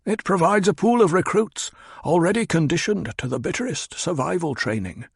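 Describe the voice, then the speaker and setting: A man's voice: a little high, lively intonation, moderate pace, gravelly, husky, dry recording, clean studio sound, pitched above the performer's own voice, full character voice. A man doing a cold, cutting old spymaster. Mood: insistent. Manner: clipped, cutting, coldly insistent.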